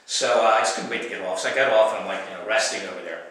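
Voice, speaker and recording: A man telling a funny true story as stand-up comedy, animated and acting out his own shouts and other voices. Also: fairly low pitch, rapid-fire. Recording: echoey room from far off.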